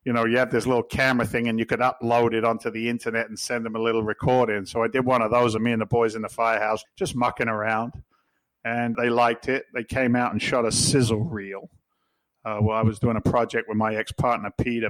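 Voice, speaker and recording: A man's voice: mid-range voice, dry recording, low-quality recording. A middle-aged man with an English accent, a podcast guest telling stories in a blunt, jokey, swearing way. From England. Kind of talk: casual storytelling.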